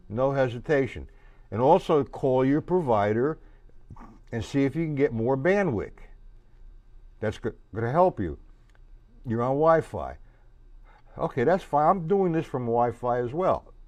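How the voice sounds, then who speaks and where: A man's voice: medium pitch, lively intonation, measured pace, pauses often. A man teaching a drum lesson, casual and repetitive, counting beats aloud as he plays. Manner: casual, repeats words, counts beats aloud while playing. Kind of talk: live-streamed drum lesson. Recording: drums loud behind the voice. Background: drum kit playing.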